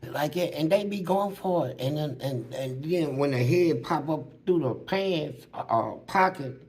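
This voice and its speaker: A man casually telling stories from prison, animated and full of street slang, acting out what other people said. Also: a little high, a little slow. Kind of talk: casual storytelling.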